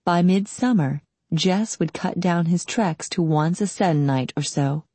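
A woman narrating an audiobook in a calm, steady storytelling manner. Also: fairly low pitch, measured pace, slightly rough, no room sound. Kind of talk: scripted narration.

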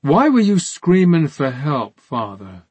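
A man voicing a menacing, sarcastic male interrogator who taunts in a raised, husky voice. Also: a little high, wildly swooping pitch, slow, darkish tone, no echo, pitched above the performer's own voice, full character voice. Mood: mocking.

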